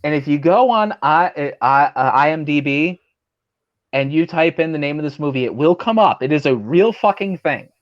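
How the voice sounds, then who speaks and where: Speaking at a normal speed in a fairly high, animated voice, a male pro wrestler tells a rambling, profane story on a talk show, full of fillers and acted-out quotes. It feels like casual storytelling over drinks, and the recording has its highs cut off.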